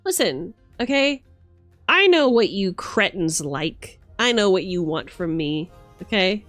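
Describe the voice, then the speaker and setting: A woman's voice: medium pitch, very animated, measured pace, a bit bright, no room sound, faint music behind. A woman live-streaming in a bard persona, chatting playfully and teasing her viewers. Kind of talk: casual live-stream chat.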